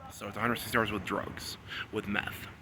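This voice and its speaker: A man in a rambling solo monologue, repeating himself and swinging between low muttering and loud, insistent scolding. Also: level tone, normal speed, noisy background. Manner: repetitive, talks about himself in the third person. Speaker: vlogger.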